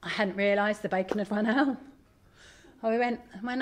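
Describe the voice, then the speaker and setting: A middle-aged woman giving a candid, animated talk to an audience as a parent. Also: mid-range voice, moderate pace. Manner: animated, candid, self-deprecating. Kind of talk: live presentation to an audience.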